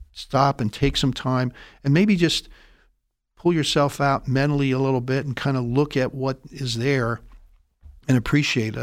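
A man with a middle-pitched voice reflects in casual conversation, gentle and unhurried, with fillers along the way. The sound is dry and close. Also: dry recording. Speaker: co-host of a faith reflection show.

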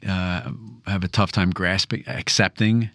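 Very deep-voiced man, reflective. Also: fairly even intonation, measured pace, a bit bright, dry recording, clean studio sound. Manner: reflective storyteller, repeats words. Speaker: discussion panelist. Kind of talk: casual faith discussion.

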